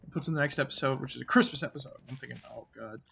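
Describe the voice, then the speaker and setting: A channel host with a medium-pitched, creaky, husky and slightly bright voice, fairly even in intonation, casually recounts a frightening night. He rambles and halts with many restarts, sinking to a murmur when voicing his own fearful thoughts.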